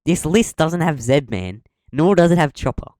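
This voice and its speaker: A man's voice: a little high, expressive, moderate pace, darkish tone, no echo, studio quality. A young man co-hosting a podcast, chatting casually and rambling, with many ums and restarts. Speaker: podcast co-host.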